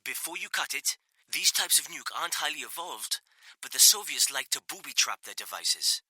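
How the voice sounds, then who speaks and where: A male narrator voicing a Welsh naval engineer who calmly coaches someone through disarming a device over a radio line. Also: mid-range voice, breathy edge, dry recording, pitched above the performer's own voice, heavily acted, rough recording. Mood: coaching. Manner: steady, coaching, rushed under pressure. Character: Welsh male bomb-disposal engineer, calm guide.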